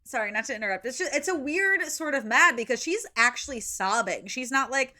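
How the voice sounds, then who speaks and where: Woman co-host with a slightly high voice, casual and animated. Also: brisk. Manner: animated, acts out quotes from the book. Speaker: podcast co-host. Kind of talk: casual chat recapping a book.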